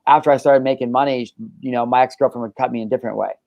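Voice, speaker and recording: A man's voice: mid-range voice, steady tone, rapid-fire, creaky, dry recording, highs cut off. A man hosting a casual podcast, talking in a brash, boastful and profane way. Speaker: podcast host.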